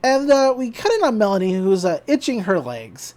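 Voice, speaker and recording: A man's voice: high-pitched, huge pitch swings, normal speed, darkish tone. A man casually recapping a cartoon episode on a podcast, acting out the characters' lines and laughing often. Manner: acts out characters' lines with shifting voices; laughs often, with many fillers. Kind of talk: casual chat, retelling scenes.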